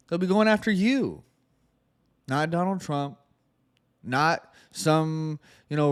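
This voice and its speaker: A man's voice: medium pitch, clean tone. A man hosting a political commentary podcast, talking in a sarcastic, incredulous and emphatic way, sometimes stumbling over his words. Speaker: podcast host.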